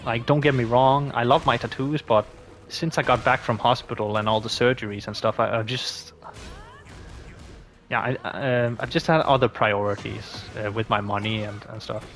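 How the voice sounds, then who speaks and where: A man's voice: mid-range voice, steady tone, normal speed, a bit bright. Danish-accented man rambling through a Q&A. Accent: Danish, with a slight British tinge. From Denmark. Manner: rambling, with frequent restarts and fillers. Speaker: gaming YouTuber. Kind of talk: casual Q&A monologue.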